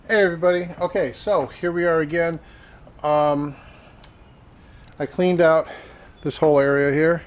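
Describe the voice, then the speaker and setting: A talkative man with a slightly raised pitch narrates his day for a vlog. His storytelling is lively and animated. Street and traffic noise sits clearly under his voice. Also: unhurried, long pauses. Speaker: vlogger. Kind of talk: casual vlog chat.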